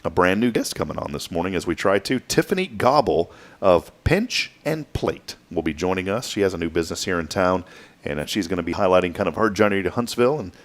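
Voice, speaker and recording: A man hosts a morning show in a quick, jokey, upbeat way. His voice sits fairly low, and his pitch swings widely as he chats. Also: animated. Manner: upbeat, jokey, talks fast. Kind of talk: casual on-air chat.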